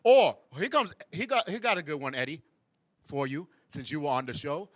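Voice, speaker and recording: Male host, casual banter, animated with mock voices, dry room. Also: on the high side, normal speed, no echo. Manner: animated, mocks backhanded compliments in sing-song voices, laughs often. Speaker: show host. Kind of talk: casual chat.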